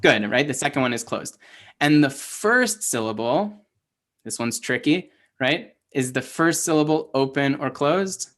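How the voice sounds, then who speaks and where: A man's voice: mid-range voice, lively intonation, measured pace, a bit bright. A man teaching an online class, explaining step by step, quizzing his learners and using many fillers. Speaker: Hebrew teacher.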